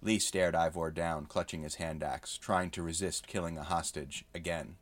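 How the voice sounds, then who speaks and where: Deep-voiced man, dry close sound, recounts a fantasy game session as a story. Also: normal speed, no echo. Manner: steady, understated prose narration. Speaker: narrator recapping a tabletop game.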